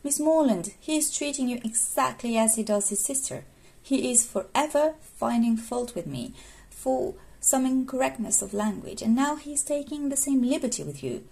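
A woman's voice: a little high, expressive, moderate pace, creaky, warm tone, slightly rough, voice pushed up, exaggerated voice. A woman with English as a second language reading the lines of a sensible young lady who brusquely scolds her impertinent brother. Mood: chiding. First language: not English.

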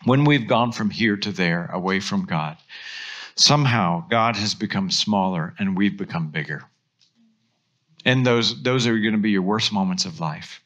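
A man, a pastor, preaching a sermon, swinging between animated emphasis and soft hushed asides. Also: lowish voice, normal speed, lo-fi sound.

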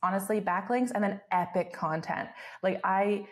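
A young adult woman with a Canadian accent, a podcast guest talking casually, self-deprecating and quick to laugh, with lots of "like" fillers. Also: medium pitch, steady tone. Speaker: guest, travel blogger.

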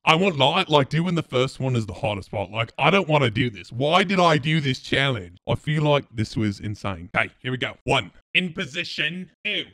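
A man's voice: mid-range voice, lively intonation, moderate pace, hardly any pauses, a bit bright, no room sound. A man streaming casual reaction commentary, blunt and profane, often laughing. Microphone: streaming mic.

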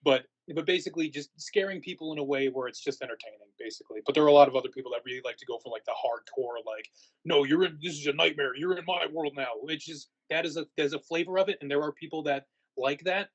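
A man's voice: a little high, quick pace, dull audio. A man answering interview questions in a casual, rambling way, full of fillers and restarts. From United States. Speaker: haunt actor guest.

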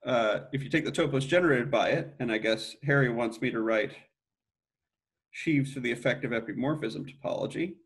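A man's voice: medium pitch, moderate pace, vocal fry. Man lecturing, self-correcting as he goes. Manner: thinking aloud, frequent self-corrections and restarts. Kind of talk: academic math lecture.

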